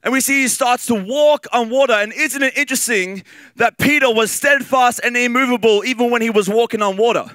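A man with an Australian accent preaching a sermon in a lively, conversational way, with fillers and repeated phrases. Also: very high-pitched, a little fast, no room sound.

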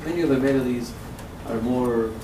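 Soft-spoken man teaching songs in a hall. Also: medium pitch, moderate pace, background noise. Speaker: song leader. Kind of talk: teaching and singing melodies. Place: large hall with audience. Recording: echoey hall, far mic, loud music.

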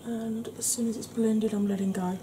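A woman explaining her makeup steps in a soft, chatty ASMR tutorial, often clearing her throat. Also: fairly high pitch, level tone, moderate pace, background noise. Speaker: beauty vlogger.

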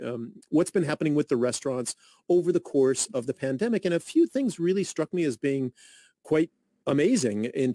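A man's voice: medium pitch, dark tone, no echo, clean studio sound. A man hosting a radio interview, welcoming guests and asking long, friendly questions. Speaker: radio host.

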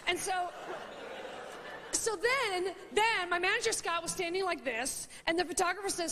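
A woman's voice: very high voice, a little fast, a loud crowd. A woman in her thirties doing stand-up, rambling and self-mocking as she acts out the people in her story. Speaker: stand-up comedian. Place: stage before a live audience. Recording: audience laughter and faint noise.

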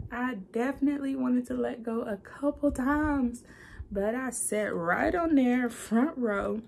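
A young woman talking earnestly into her personal video diary, confiding with many pauses and restarts. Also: fairly high pitch, vocal fry, a little hiss or hum.

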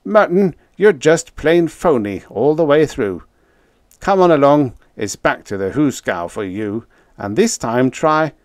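A blustering cop in an old-time science fiction audiobook, as the narrator puts him on, loud and scornful. He pushes up in pitch and volume, jabbing each phrase with contempt. The sound is close and dry. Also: lively intonation, a little slow, no echo. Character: gruff male police officer, scornful and blustering.

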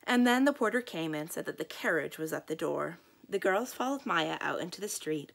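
A woman librarian reading a children's book aloud in a calm, expressive storytelling manner. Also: fairly low pitch, vocal fry.

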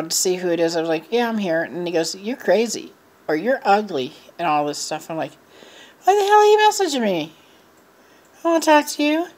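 Frustrated middle-aged woman venting. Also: medium pitch. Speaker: vlogger. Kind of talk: casual chat to camera.

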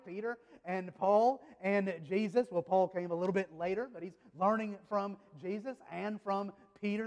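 A man's voice: sits high, big-room sound. Man, pastor, conversational sermon, repeats and restarts words, speaks to the congregation. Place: church sanctuary.

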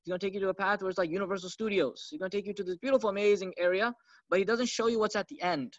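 Fast-talking man giving a conversational lecture. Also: high-pitched, steady tone, no echo. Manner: conversational, rhetorical questions with "okay?" and "right?". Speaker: Islamic teacher. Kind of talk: religious lecture. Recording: dull, slightly lo-fi dry recording.

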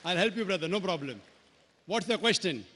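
A man's voice: sits high, expressive, fairly quick, bright, forceful tone, big-room sound. A man answering audience questions in a public debate. He talks insistently and keeps addressing the questioner as brother. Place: lecture hall with an audience.

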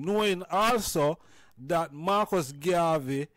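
A man's voice: a little high, a little slow, dry recording. A man with a Jamaican accent hosting a reasoning, asking questions in a hesitant way full of fillers. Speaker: host. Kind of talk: casual reasoning.

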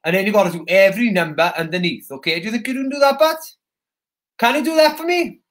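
A Welsh man hosting a live interactive children's broadcast in character as a soldier, excitable, shouty and chatty with the viewers. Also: high voice, quick pace. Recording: roomy echo.

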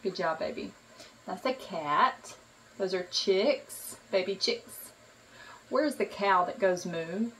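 A mother in playful talk with her baby, slow, sing-song and encouraging. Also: medium pitch, fairly bright tone, recorded from a distance, slight background noise, rough recording.

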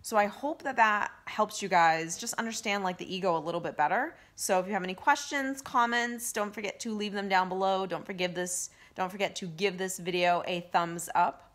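A woman life coach giving casual self-help advice to camera, earnest and gently coaching, with lots of fillers. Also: medium pitch, normal speed, few pauses. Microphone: handheld phone camera.

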